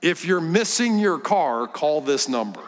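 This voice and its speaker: A middle-aged man giving a sermon as a guest preacher, telling a story with lively delivery and dropping to hushed tones. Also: fairly high pitch, measured pace, slight background noise. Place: church sanctuary. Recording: church hall with long reverb.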